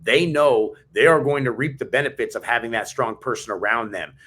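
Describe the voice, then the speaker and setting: A man's voice: mid-range voice, fairly quick, fairly bright tone, husky. A man co-hosting a podcast, telling stories in a fired-up, emphatic way. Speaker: podcast co-host. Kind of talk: casual chat.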